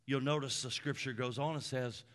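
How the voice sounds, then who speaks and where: A man preaching a sermon from the pulpit as a pastor, with emphatic repeated lists that swing between loud peaks and hushed drops. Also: medium pitch, fairly even intonation, moderate pace.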